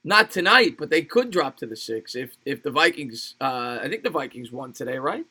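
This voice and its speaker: Calling football play-by-play on a livestream, this host keeps it casual, laughing often and replying to viewers' chat between plays. His medium-pitched voice is husky, bright and forceful, very animated, and at normal speed.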